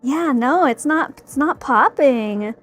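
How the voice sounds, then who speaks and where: Giggly high-voiced woman streamer. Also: animated, a little slow, fairly bright tone, faint music behind. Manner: giggly, laughs often, exclaims in mock fright. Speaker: streamer making a cosplay prop. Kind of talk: casual live-stream chat.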